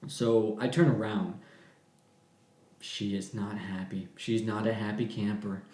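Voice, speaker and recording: A young man telling a work story on a podcast, animated and laughing, then dropping to deadpan. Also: on the low side, unhurried. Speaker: podcast guest. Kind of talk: casual storytelling. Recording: echoey room.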